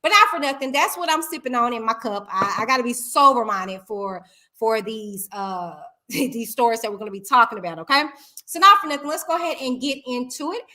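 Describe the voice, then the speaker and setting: A woman in her thirties hosting a live-stream chat show, talking in a lively, chatty way with many fillers and tag questions. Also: a little high, brisk. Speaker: talk show host.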